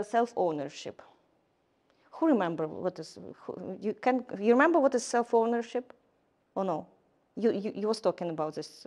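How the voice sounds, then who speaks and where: A woman giving a lecture in English, halting often with fillers and restarts. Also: medium pitch, a little mellow. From Ukraine. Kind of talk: lecture to a class.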